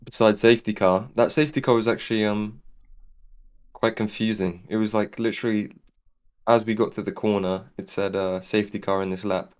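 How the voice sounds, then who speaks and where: Calm, flat-voiced male driver. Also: lowish voice, a little fast, clean tone. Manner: calm, understated. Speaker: race winner guest. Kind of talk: casual post-race interview.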